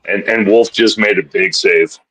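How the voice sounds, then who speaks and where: A man on a live hockey betting show, chatting casually and excitably, often repeating his words as he starts a thought. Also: fairly low pitch, moderate pace, husky, no room sound, rough recording. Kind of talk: casual live-stream chat.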